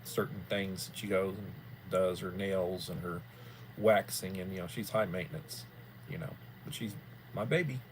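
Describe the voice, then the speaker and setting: A man's voice: low voice, steady tone, moderate pace. Man, livestream host, casual rambling chat, folksy, repeats himself, faint hum behind.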